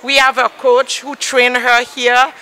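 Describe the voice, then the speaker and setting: A hoarse-voiced woman from Haiti gushes about her daughter, laughing often between her words. Her tone is bright and forceful, with some faint ambient noise of an airport around her. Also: high voice, flat delivery, a little slow. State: hoarse from screaming. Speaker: athlete's mother. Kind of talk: excited on-the-spot interview. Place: airport arrivals area.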